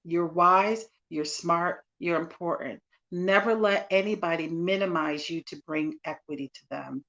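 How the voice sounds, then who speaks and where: A woman's voice: on the low side, a little slow, fairly bright tone, muffled recording. A woman who is a minister and author, speaking as a podcast guest in an emphatic, affirming way. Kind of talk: interview talk.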